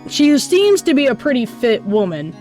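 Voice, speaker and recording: A woman's voice: sits high, big pitch swings, normal speed, warm tone, faint music behind. Rambling, self-deprecating young woman streamer. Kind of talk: casual gaming chat.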